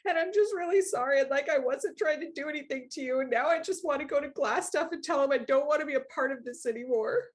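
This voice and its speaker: A woman's voice: sits high, fast talker, few pauses, pitched above the performer's own voice, lightly acted. A woman voicing a frightened fourteen-year-old boy who rambles and pleads through tears. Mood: tearful pleading. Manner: rambling, pleading, breathless apology.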